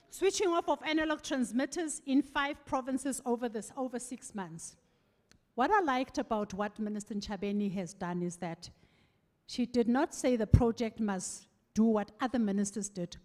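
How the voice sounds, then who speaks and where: Animated South African woman in a hall. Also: on the high side, moderate pace. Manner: animated storytelling, acting out quoted voices. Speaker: farewell speaker. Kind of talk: anecdotal farewell speech. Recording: echoey hall with long reverb.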